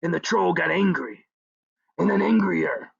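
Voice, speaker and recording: A man's voice: high voice, unhurried, vocal fry, no echo. A man narrating a children's story in a playful way, humming sound effects between lines, on a dull lo-fi recording.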